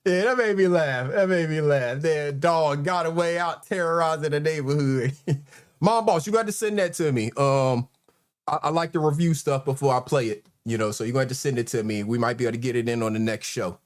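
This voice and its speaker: Relaxed male host, a touch high, chatty and quick to laugh with viewers. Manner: laid-back, laughs often, says "man". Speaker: livestream host. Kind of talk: casual chat.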